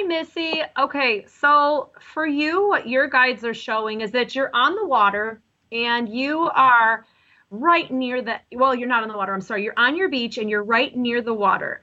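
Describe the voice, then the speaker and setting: Woman psychic, chatty live reader, bright edge, lo-fi broadcast sound. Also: on the high side. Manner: chatty, rambling, self-correcting. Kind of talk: live call-in psychic reading.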